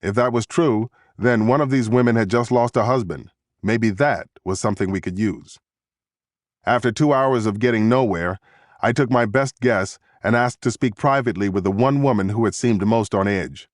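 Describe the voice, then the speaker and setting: A man reading a thriller audiobook in first person, measured and steady, recorded in a studio booth. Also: fairly low pitch, no echo. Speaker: audiobook narrator.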